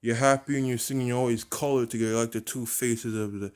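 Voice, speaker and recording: A man's voice: mid-range voice, fairly even intonation, fast talker, darkish tone, clean tone, lightly acted. A man doing a cocky wrestler's taunt.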